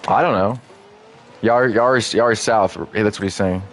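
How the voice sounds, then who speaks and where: Low-voiced chatty male gaming streamer. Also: normal speed, slight background noise. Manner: rambling and chatty, full of "like". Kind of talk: casual live-stream commentary.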